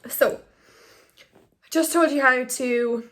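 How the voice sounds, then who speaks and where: A woman's voice: high-pitched, slow, a bit bright. A young woman, an Instagram blogger giving tips in a chatty, rambling vlog to a phone camera. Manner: chatty, rambling, filler-heavy. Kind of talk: casual talking-head vlog. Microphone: phone on ring light.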